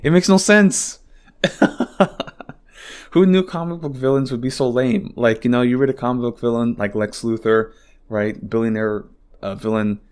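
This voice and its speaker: A man talking solo on his podcast at home, rambling and exasperated. He swears a lot and leans on filler words, in a voice of middling pitch. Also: normal speed, long pauses, smooth. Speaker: podcast host. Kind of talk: casual solo podcast monologue.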